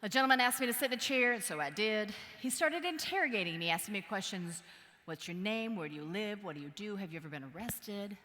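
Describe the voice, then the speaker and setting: A woman from Wisconsin giving a motivational keynote speech, telling a story in a playful, animated way and acting out voices and sounds. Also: mid-range voice, quick pace. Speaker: keynote speaker. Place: large conference hall. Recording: long hall reverb.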